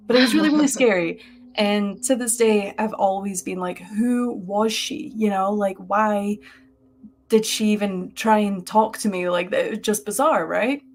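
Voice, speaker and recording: A woman's voice: mid-range voice, a little hiss or hum. A woman co-hosting a live stream, telling a personal story casually and animatedly with lots of "like" fillers, heard through a webcam mic. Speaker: podcast co-host.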